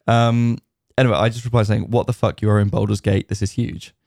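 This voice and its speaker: A man with a low, gravelly and mellow voice co-hosts a casual gaming chat. He relays news and anecdotes at length with plenty of fillers. The sound is close and dry. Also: little pitch movement, brisk, dry recording. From United Kingdom. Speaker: podcast co-host.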